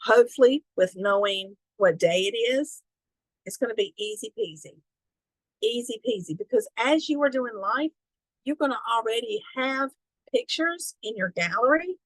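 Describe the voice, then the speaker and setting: On an online training call, a business trainer with a Southern accent and a voice on the high side coaches a group about social media posts. She's folksy and encouraging, full of "you know" and easy peasy cheer, and the poor-quality audio is dry and close with no room sound.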